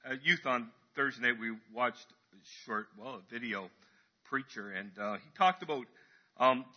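A man's voice: mid-range voice, breathy edge, muffled recording. A man preaching a casual, chatty sermon in church, acting out crowd voices as he tells the story.

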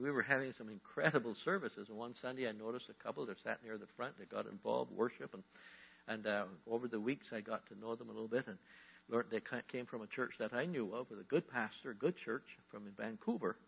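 A male pastor delivers a sermon in a husky, slightly rough voice of middle pitch. He leans on key words, slowing down for weight, then jumps up in energy. The sound is dull and lo-fi. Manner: emphatic preaching, slowing on key words and rising to animated outbursts. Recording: dull lo-fi recording.

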